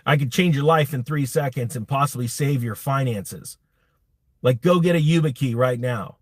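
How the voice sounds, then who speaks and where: A man's voice: medium pitch, normal speed, dry recording. Blunt rambling man on a dry mic. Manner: blunt, rambling, self-interrupting. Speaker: crypto YouTube host. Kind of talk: live-streamed casual rant.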